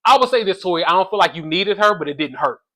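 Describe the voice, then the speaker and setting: A man casually reviewing a reality show episode, sassy and animated, calling his listeners baby and y'all, with features. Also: high-pitched, fast talker. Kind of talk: casual chat.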